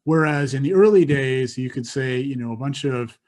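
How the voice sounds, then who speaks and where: A man talks through public affairs and baking in a loose, rambling way. His voice sits at a middle pitch. The chat is casual and unhurried. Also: a little mellow. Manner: rambling, many fillers and restarts.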